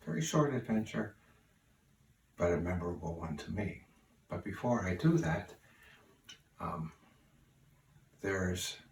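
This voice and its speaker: Brief: older man, deep low voice, folksy rambling remembrance, distant mic in an echoey room. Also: gravelly. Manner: unhurried, folksy, many fillers. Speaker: relative sharing memories. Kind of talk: spoken remembrance. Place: room at home. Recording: roomy, distant mic, faint hiss.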